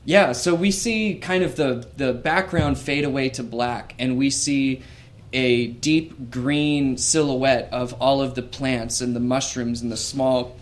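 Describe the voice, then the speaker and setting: Male game master, mid-range voice, relaxed descriptive narration. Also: mid-range voice, measured pace.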